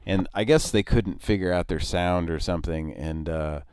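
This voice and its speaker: A man hosting a casual chat show, rambling and halting with frequent laughs, his voice a little nasal. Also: sits low, a little mellow, clean tone, dry recording, studio quality. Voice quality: nasal tonight. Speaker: show host. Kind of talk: casual radio-style chat.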